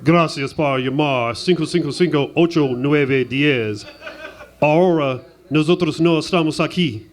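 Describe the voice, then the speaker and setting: A man voicing his elderly grandfather, a sly prankster, in a slow, lowered voice. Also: a bit bright. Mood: mock formal.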